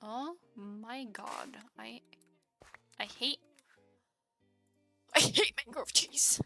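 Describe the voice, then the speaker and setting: A young woman talks casually to her live viewers while gaming, with a bright, ringing voice pitched a little high. She giggles a lot and keeps breaking into excited exclamations. Soft music plays quietly underneath. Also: very slow. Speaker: streamer.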